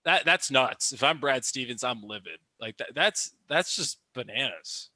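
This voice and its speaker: In a medium-pitched voice with no echo, a young man streams live basketball commentary. He reacts excitedly and rants about calls, animated and constantly restarting and using fillers.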